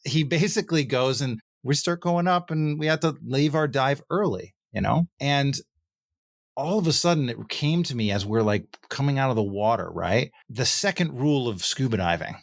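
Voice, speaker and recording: A man hosting a podcast, telling relaxed anecdotes in casual conversation. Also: medium pitch, moderate pace, vocal fry, no echo, clean studio sound. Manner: relaxed, anecdotal, filler-heavy. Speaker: podcast host.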